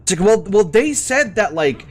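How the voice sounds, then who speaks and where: A man's voice: high voice, very animated, normal speed, faint music behind. Heated, stammering male gamer rant. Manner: exasperated, heated, heavy swearing; stammering restarts. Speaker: gaming streamer. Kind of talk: casual rant while playing.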